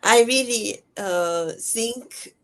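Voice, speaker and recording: A woman's voice: on the high side, extremely slow. A woman in her thirties hosting a podcast interview, speaking hesitantly with many fillers. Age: 30s. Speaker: podcast host. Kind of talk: casual interview.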